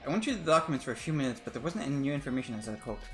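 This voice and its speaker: A man's voice: mid-range voice, animated, racing, soft background music. A man playing a story game who reads its dialogue aloud in a plain voice and drops blunt asides of his own. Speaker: let's player.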